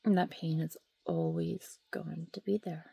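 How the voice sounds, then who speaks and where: A woman's voice: low-pitched, sing-song, measured pace, creaky, warm tone, husky, dry recording. A woman vlogging from home about her grief, talking in a raw, rambling and emotional way, sometimes dropping to a whisper, into a handheld camera. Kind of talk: candid talking-to-camera vlog. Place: at home, indoors. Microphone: handheld camera or phone.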